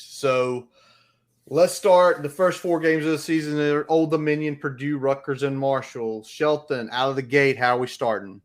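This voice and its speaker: A man's voice: fairly high pitch, fairly even intonation, normal speed. Brash male sports podcast host. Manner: brash, opinionated, emphatic. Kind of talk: casual sports chat.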